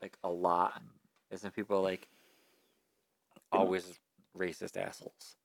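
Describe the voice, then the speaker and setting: Male podcast co-host with a gravelly voice, sarcastic, close dry mic. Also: low-pitched, completely flat delivery, measured pace, dry recording. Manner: sarcastic, jokey interjections. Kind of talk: casual chat.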